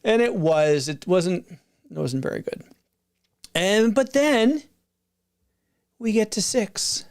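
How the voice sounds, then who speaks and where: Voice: medium pitch, animated, slow pace, pauses often, darkish tone. A middle-aged video creator chatting casually and unscripted, rambling with frequent restarts and asides. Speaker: video creator reviewing film releases.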